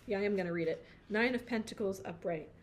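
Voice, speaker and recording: A woman talks through a tarot reading in a loose, chatty way, reading out card meanings and then riffing on them. She's playful and quick to laugh at herself, now and then drifting into a few sung notes. A faint hiss sits beneath her voice. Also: mid-range voice. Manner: chatty, self-interrupting, sings snatches of song.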